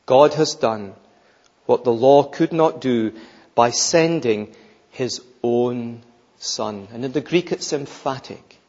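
Slow, husky preacher in an echoing hall. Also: male voice, darkish tone. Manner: emphatic, rising to fervent peaks then dropping low. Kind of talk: sermon. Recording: dull lo-fi sound in a reverberant hall.

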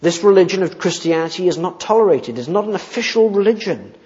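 A man's voice: high voice, expressive, a little mellow. Man preaching in an echoing hall. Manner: expository, emphatic, slows down for key points. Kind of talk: sermon. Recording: muffled sound with long reverb in a hall.

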